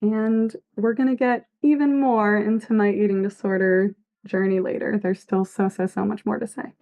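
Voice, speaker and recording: A woman's voice: mid-range voice, steady tone, moderate pace, dark tone. A woman giving casual livestream commentary as a fanfic author, earnest and reflective, reading chat messages aloud.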